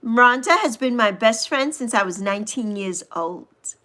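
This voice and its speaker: A woman in her sixties hosting a casual livestream, chatting with viewers and gushing over them with drawn-out coos. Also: on the high side, lively intonation, bright, forceful tone. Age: 60s. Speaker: livestream host. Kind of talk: casual livestream chat reading viewer comments.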